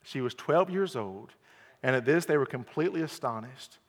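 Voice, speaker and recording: A man preaching an earnest evening sermon, repeating key phrases and swinging from quiet to loud emphasis. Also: medium pitch, lively intonation, normal speed. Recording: long hall reverb.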